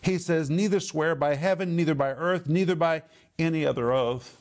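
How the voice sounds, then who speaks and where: A man's voice: fairly high pitch, moderate pace, a little mellow. A man teaching a Bible lesson as a sermon, stressing points emphatically, repeating phrases and explaining Greek words.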